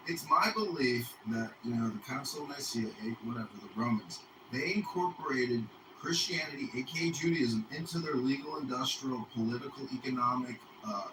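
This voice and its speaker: A man's voice: medium pitch, roomy sound, recorded from a distance, noisy background. A man in an online voice chat, rambling through profane opinions.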